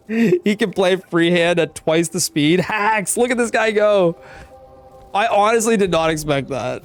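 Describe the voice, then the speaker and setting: A man's voice: sits high, expressive, normal speed, slight background noise. A man streaming, chatting casually as he reacts to his own run, laid-back, swearing and laughing often. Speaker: game streamer.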